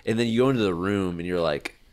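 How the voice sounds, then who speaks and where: Male co-host, very low voice, loose sweary ranting in casual chat. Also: quick pace, smooth. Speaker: podcast co-host.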